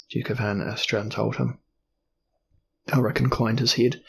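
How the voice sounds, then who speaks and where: A man narrating a fantasy novel in a steady storytelling voice. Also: mid-range voice, a little slow, gravelly, pauses often, a little hiss or hum. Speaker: audiobook narrator.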